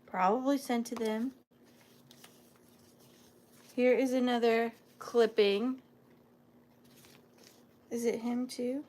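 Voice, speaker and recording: Slow-talking, emotional woman reseller. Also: a little high, fairly even intonation, a little mellow. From US South. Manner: emotional, marvelling, apologetic asides. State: near tears. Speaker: antiques reseller hosting a live sale. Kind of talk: casual live-sale chat, reading old letters aloud.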